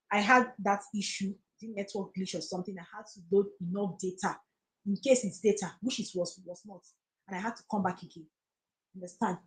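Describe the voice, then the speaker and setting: A woman's voice: mid-range voice, low-quality recording. A woman with a Nigerian accent giving earnest, preachy encouragement on a live stream, repeating phrases for emphasis. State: tearful, close to crying. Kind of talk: motivational live-stream talk.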